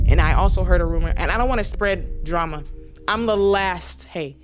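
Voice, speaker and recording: A woman's voice: mid-range voice, normal speed, over music. A woman hosting a basketball commentary channel, ranting with mock-serious sarcasm in a rambling way.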